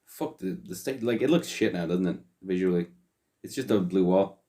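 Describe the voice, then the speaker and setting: A man's voice: sits low, moderate pace, warm tone. A young man co-hosting a podcast, chatting casually and offhand, swearing a lot and trailing off with fillers. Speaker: podcast co-host. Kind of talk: casual chat.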